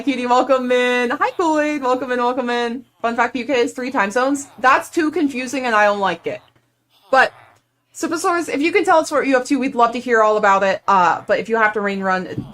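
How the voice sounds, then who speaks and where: A woman's voice: medium pitch, a bit bright. Chatty young woman game streamer. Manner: chatty and playful, lots of "like" fillers. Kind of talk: casual live-stream chat.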